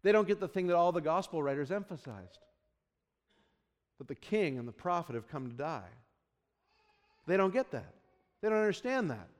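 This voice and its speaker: High-voiced guy preaching, soft pleading then loud outbursts, big echoey church. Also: sing-song, normal speed, pauses often. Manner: impassioned, swinging between soft pleading and loud exclamation; acts out quotes with put-on voices. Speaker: pastor. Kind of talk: sermon.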